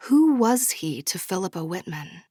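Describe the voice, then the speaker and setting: A woman narrating a romance audiobook in first person, bubbly and expressive. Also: on the low side, moderate pace, slightly rough, dry recording, studio quality. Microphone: studio microphone.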